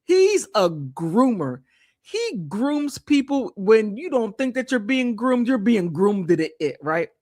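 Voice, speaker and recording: A woman's voice: fairly high pitch, lively intonation, a little slow, few pauses, a little mellow. A woman hosting a live stream, chatting casually and reading from an old article, often exclaiming and restarting her sentences.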